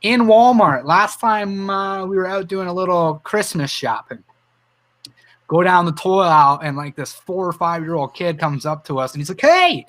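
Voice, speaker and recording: High-voiced impassioned Canadian man. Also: a bit bright. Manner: earnest, emotional, tells personal stories; reads viewer comments aloud. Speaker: livestream host. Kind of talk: impassioned livestream commentary.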